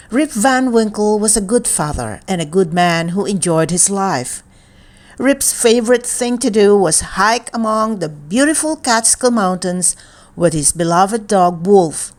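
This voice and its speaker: Storybook reader, woman, calm deliberate read-aloud at a very unhurried pace. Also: medium pitch. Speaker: children's book reader.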